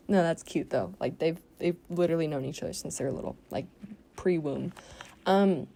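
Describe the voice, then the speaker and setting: A woman's voice: low voice, lively intonation, slow, gravelly, long pauses, darkish tone, breathy edge. A woman giving casual, indignant commentary full of fillers while she draws for her channel. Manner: chatty, indignant, with frequent fillers. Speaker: art YouTuber.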